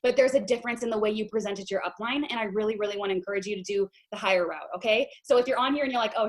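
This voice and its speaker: A woman leading a sales team on a video call, giving a lively pep talk and addressing the group as "you guys". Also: on the high side, rapid-fire, hardly any pauses.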